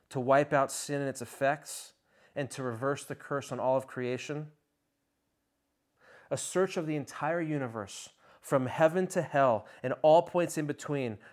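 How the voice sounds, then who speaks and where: A man preaching a sermon, swinging between soft, low passages and loud, ringing ones, with slow, dramatic pauses. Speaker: pastor.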